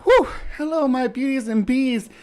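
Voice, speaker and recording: A woman's voice: on the low side, measured pace. A woman hosting a casual live stream, chatty and rambling, a little out of breath. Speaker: host.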